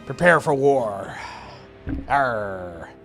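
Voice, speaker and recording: A hostile alien warlord barks a threat of war in a hammy pirate growl, as a man puts it on. The voice sits around a man's middle register and pushes loud and forceful. Faint game music plays underneath. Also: mid-range voice, expressive, drawn-out words. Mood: menacing.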